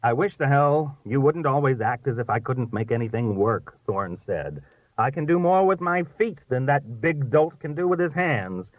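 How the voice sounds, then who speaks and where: A man's voice: medium pitch, lively intonation, moderate pace, no room sound, voice pushed up, natural voice. A man reading aloud and voicing a fussy, irritable male party host. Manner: pushy, irritable. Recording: thin phone-like dry sound.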